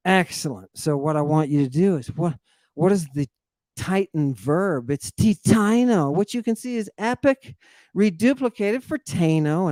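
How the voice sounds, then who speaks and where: A man's voice: fairly high pitch, a little mellow, no room sound. A man who teaches classics, hosting a lecture on Greek word roots in an emphatic, sardonic way, full of rhetorical questions. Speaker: classics teacher and podcast host.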